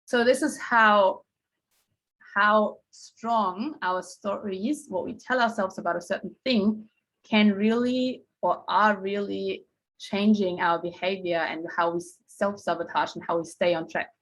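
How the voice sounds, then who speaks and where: A woman's voice: mid-range voice, a little slow, fairly bright tone, rough recording. A woman mindset coach giving a casual talk to a group, telling stories in a chatty way and acting out what people said. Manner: chatty storytelling, acting out quotes.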